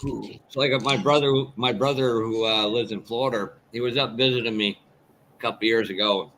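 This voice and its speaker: A man hosts a casual hobby livestream. He swears freely and tells blunt stories, laughing as he goes. His voice is bright, with a faint hum underneath. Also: mid-range voice, fairly even intonation, normal speed, low-quality recording. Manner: laughs often, storytelling, blunt.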